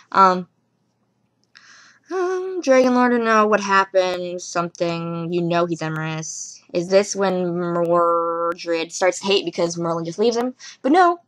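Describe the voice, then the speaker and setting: Rambling young woman vlogging at home. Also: mid-range voice. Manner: rambling, giggly, animated asides. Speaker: vlogger reviewing a TV episode. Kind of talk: casual rambling chat.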